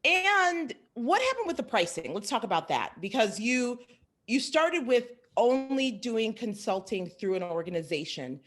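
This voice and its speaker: A woman's voice: a little high, sing-song, measured pace, fairly bright tone. A woman hosting an interview as a business coach, asking questions and affirming her guest. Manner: brief affirming prompts and questions.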